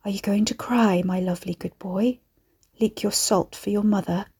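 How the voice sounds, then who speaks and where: A woman voicing a decaying, cruel ghoul mother who croons in a soft whisper. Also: mid-range voice, fairly even intonation, moderate pace, slightly rough. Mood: coaxing. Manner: crooning, coaxing.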